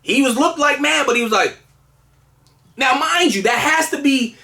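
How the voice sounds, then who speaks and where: A man's voice: extremely high pitch, animated, normal speed, creaky, pushed and bright. A man telling a personal story in casual, earnest conversation, with lots of fillers and restarts. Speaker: guest telling his story.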